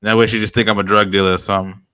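A laid-back young man in casual podcast talk, with a bright, smooth voice recorded close and dry. He talks in loose slang and often lets his voice sink to a quiet mumble. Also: on the low side, little pitch movement, very fast, no room sound. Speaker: podcast co-host. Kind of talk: casual chat.

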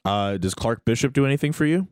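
A man's voice: mid-range voice, fast, no room sound. A man hosting a sports radio show in a studio, chatting casually and upbeat. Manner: lively, laughs easily, upbeat. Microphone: studio mic.

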